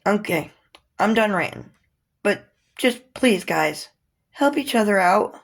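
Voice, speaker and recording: Earnest woman with vocal fry. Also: mid-range voice, animated, slow. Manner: earnest, heartfelt, pleading. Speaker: vlogger. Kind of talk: personal talk to camera.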